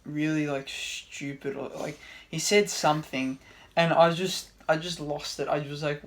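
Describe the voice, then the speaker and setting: A man co-hosts a relaxed podcast in a somewhat high voice. He spins laid-back stories, punching up quoted lines with loud outbursts. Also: moderate pace. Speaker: podcast co-host. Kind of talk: casual chat.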